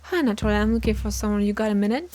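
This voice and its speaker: A woman's voice: medium pitch, very fast, natural voice. A woman voicing a male raccoon private detective who asks questions in a dry, businesslike way. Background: game music.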